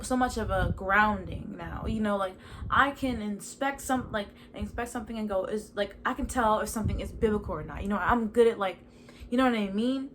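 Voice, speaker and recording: A young woman at home telling a personal faith story in a chatty, animated way, full of "like" and asides. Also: medium pitch, slight background noise. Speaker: podcast host. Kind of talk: casual personal testimony. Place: at home in a chair indoors.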